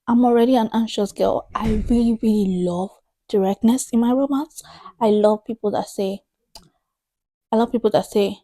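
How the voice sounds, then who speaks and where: A woman in her thirties talks straight to camera in a chatty book vlog, emphatic and a little exasperated, repeating lines for effect. Her voice sits slightly high but sounds warm and mellow. The sound is close and dry. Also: normal speed, no room sound. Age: 30s. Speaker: book vlogger.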